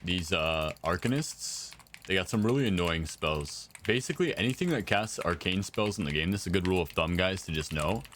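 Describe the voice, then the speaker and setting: A man's voice: low voice, lively intonation, fairly quick, fairly bright tone, a little hiss or hum. A young man chatting casually with viewers while he plays, laid-back and slangy. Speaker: game streamer. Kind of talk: casual live-stream chat.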